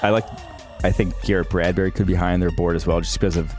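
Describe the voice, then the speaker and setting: Deep-voiced man breaking down football picks. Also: fairly even intonation, darkish tone, soft background music. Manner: measured, analytical. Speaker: podcast analyst. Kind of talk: casual sports podcast chat.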